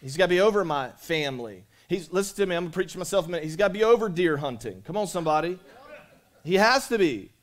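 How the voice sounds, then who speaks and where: Male pastor, slightly high voice, relaxed conversational sermon style with call-outs. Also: quick pace. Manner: conversational, repeats himself, calls out to the congregation. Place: church sanctuary.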